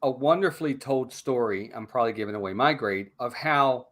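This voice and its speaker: A man's voice: mid-range voice, a little fast. A man hosting a casual live-streamed movie review podcast, laughing easily and chatting with his co-host. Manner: lively, laughs easily, reads a rhyming mock ad.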